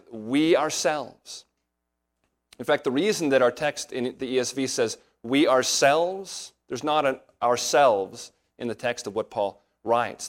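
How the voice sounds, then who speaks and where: A male pastor preaching an expository sermon. He talks in an earnest, explanatory way and keeps asking rhetorical questions as he works through a text. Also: mid-range voice.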